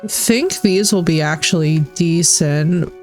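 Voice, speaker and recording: A woman's voice: lowish voice, a little slow, faint music behind. A woman streamer chatting casually with her viewers while playing a game, laughing and swearing as she goes. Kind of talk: casual live-stream chat over gameplay.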